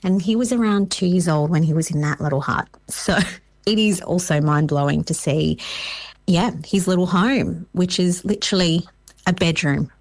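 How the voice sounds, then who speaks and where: An Australian woman talking about her local museum, readily agreeing and chiming in with quick yeses. Her voice sits a little low for a woman. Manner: agreeable, frequent short affirmations and laughs. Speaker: museum representative. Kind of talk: casual interview.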